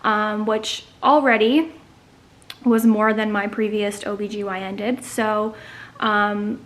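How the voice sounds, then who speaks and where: A woman's voice: medium pitch, fairly even intonation, slow pace. A young woman in her twenties telling a personal story to camera in a casual, chatty vlog, with many fillers. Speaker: vlogger.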